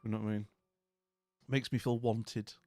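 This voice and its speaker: A man's voice: lowish voice, level tone, normal speed, warm tone. A man hosting a live stream, chatting with viewers in a rambling, jokey way full of fillers, and sounding tired. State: tired and dopey. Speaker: livestream host. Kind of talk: casual live-stream chat greeting viewers.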